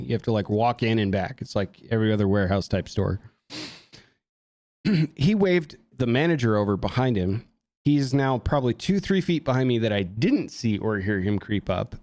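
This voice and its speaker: A man tells a story on a casual podcast, heated and full of swearing. His pitch swings widely as he talks. The sound is dry and close, with no room in it. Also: darkish tone, no echo. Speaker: podcast host.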